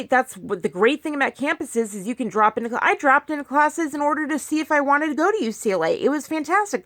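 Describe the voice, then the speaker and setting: A woman's voice: sits high, a bit bright, no room sound, studio quality. A young woman vlogging casually to her phone while in pain, talking in a rambling way with many restarts and asides. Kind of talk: casual talk to camera.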